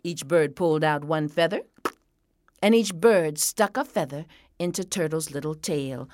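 A woman's voice: deep voice, a little slow, darkish tone, a little hiss or hum. A woman telling a folk tale to families in a playful way, repeating words for rhythm and acting out sounds. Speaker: storyteller.

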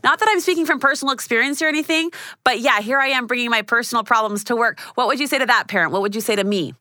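A woman's voice: fairly high pitch, very fast, sharp tone, no room sound, clean studio sound. A woman hosting an interview, affirming her guest and asking follow-up questions with self-deprecating asides. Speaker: interview host. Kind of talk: conversational interview.

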